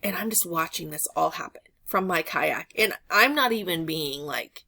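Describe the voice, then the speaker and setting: A woman's voice: lowish voice, lively intonation, normal speed, gravelly, sharp tone. A woman in her thirties chatting casually to camera, rambling through a story with lots of filler words. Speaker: reseller vlogger.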